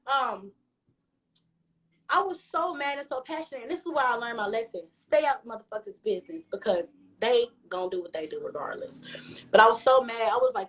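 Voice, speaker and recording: A woman's voice: fairly high pitch, fairly quick, long pauses. A woman vlogger telling a story to camera, profane and emphatic. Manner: profane, emphatic, animated retelling.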